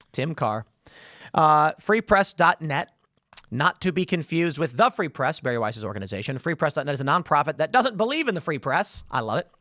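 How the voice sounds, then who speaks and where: A man delivering a political commentary monologue, his fairly high voice swinging widely as he mocks and scolds. The sound is dry and close, with no room around it. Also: no room sound. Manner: animated, sarcastic, mocking. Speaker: show host.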